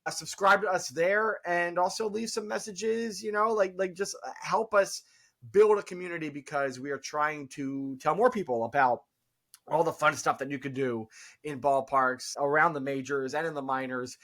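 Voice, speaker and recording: A man co-hosts a podcast in casual, upbeat chat. His voice sits somewhat high, and he talks eagerly, often circling back over his own words. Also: moderate pace, gravelly, fairly bright tone. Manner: enthusiastic, chatty, repeats himself. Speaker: podcast co-host.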